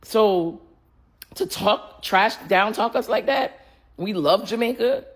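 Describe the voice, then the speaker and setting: A woman's voice: medium pitch, expressive, slow. A woman, ranting on social media in a heated, indignant way. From United States.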